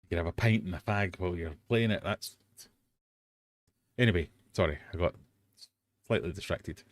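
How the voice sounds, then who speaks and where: A man's voice: deep voice, normal speed. An English man hosting a live quiz stream, chatty and self-mocking, often drifting off on tangents. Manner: chatty, self-mocking, easily sidetracked, bursts into silly sung bits. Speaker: host of a live quiz hangout.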